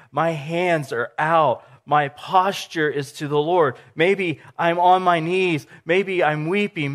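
A man's voice: a little high, a bit bright. A man preaching who briefly puts on the voice of a young woman swept up in joyful worship, speaking earnestly and with exclamations.

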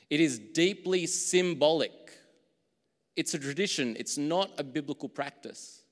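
Aussie pastor guy preaching, chatty and jokey, mid-pitched voice, echoey church hall. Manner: conversational, jokes at his own slips. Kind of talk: sermon.

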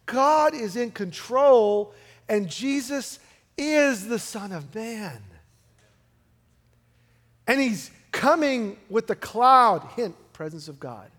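A pastor preaching a sermon in a casual, conversational way, swinging from loud emphatic lines to hushed ones. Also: male voice, very high-pitched, lively intonation, takes it slowly. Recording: long hall reverb with music behind.

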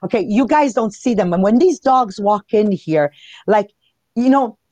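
A woman in her fifties with a heavy Italian accent, co-hosting a live podcast in a lively, chatty way and addressing listeners directly. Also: medium pitch, unhurried, dry recording. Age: 50s. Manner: animated, laughs often, talks to listeners. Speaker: podcast co-host. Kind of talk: casual live podcast talk.

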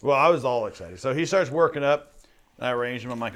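A man hosts a casual podcast chat and tells a long hunting story. He talks at an ordinary mid pitch and puts on his own lines as he recalls them, with the easy pace of friends talking. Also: expressive, fast, fairly bright tone. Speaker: podcast host.

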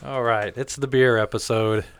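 A man's voice: medium pitch, steady tone, moderate pace, clear, resonant tone, no echo. A man hosting a podcast in casual chat, laid-back and swearing freely. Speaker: podcast host.

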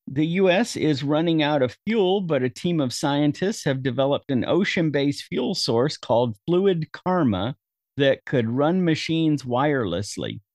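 A man's voice: mid-range voice, a little mellow, dry recording. A man hosting a casual film review chat, summarizing the plot with wry jokes. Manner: summarizing, wry, laughs easily. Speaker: podcast host.

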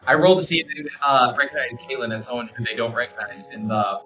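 A man narrating as game master of a tabletop game in an animated, laughing way. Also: medium pitch, fast, soft background music.

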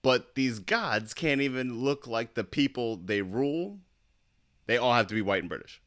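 A man's voice: mid-range voice, animated, moderate pace, a bit bright. A man co-hosting a podcast in casual chat, chiming in with short agreements and remarks. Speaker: podcast co-host.

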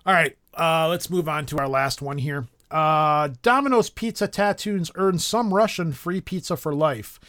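Higher-voiced man reading news, joking. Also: measured pace, few pauses, a bit bright. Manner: joking, reads news aloud with asides. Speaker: podcast co-host. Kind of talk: casual news chat.

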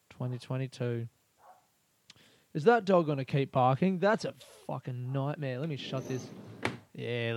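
A man's voice: medium pitch, darkish tone, no room sound. An Australian man hosting a casual solo podcast from a small bedroom, rambling, swearing freely and laughing often. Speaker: podcast host.

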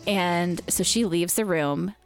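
Podcast co-host, woman, 30s, chatty storyteller, soft music bed. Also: lowish voice, slow pace. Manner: chatty storyteller, animated quoting, laughs often. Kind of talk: casual chat.

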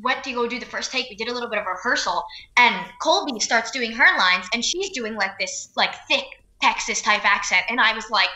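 A young actress from New Jersey talks freely as a guest, with a bright, slightly high voice. She laughs easily and strings her thoughts together with "like" and "um". The room around her rings with echo. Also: fairly quick, few pauses. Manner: chatty, laughing, many fillers like "like" and "um". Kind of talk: casual interview chat.

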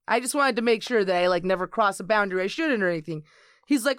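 A woman's voice: fairly high pitch, fast talker, clean tone, no room sound, studio quality. A woman in her late twenties telling swear-laden stories in a casual podcast chat. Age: 20s. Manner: animated storyteller, swears freely. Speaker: podcast co-host.

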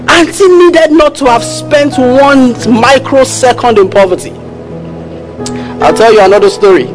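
A man preaching a sermon as a pastor, telling stories and acting out the dialogue of their characters with animated pitch jumps. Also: moderate pace, music in the background. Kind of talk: sermon storytelling.

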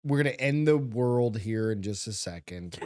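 A man's voice: lowish voice, lively intonation, normal speed, darkish tone, dry recording. Man, podcast co-host, casual swearing chat, reads articles aloud with asides, dry close sound. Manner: loose and profane, reads news aloud with running asides.

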